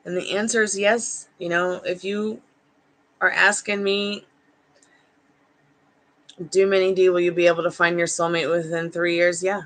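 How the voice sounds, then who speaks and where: A woman's voice: lowish voice, level tone, normal speed, pauses often, rough recording. A woman hosting a casual tarot livestream at home, reading out answers to viewers and cooing at her dogs on the couch. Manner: cooing baby talk to her dogs between chat replies.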